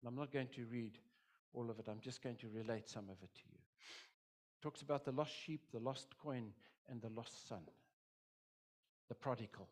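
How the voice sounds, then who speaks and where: A man's voice: mid-range voice, normal speed, long pauses. A middle-aged man preaching as a pastor, with an impassioned, repetitive delivery that swells and drops. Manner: impassioned, repetitive preaching with dramatic quoted voices. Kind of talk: sermon.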